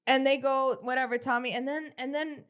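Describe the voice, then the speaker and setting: Blunt high-voiced woman podcaster. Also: fairly even intonation, brisk, a bit bright, clear, resonant tone. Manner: blunt, swears, restarts mid-sentence. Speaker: podcast co-host. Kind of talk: casual reality-TV recap chat.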